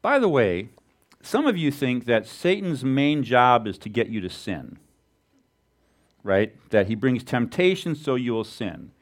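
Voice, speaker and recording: A man preaching a sermon as a pastor, animated and asking the congregation rhetorical questions. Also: medium pitch, a little slow.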